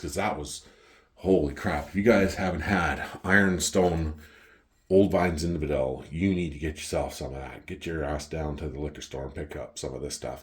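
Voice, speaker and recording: A middle-aged man from Canada with a Canadian accent, telling a story in a casual, profane, animated way. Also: sits low. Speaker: wine collector vlogger.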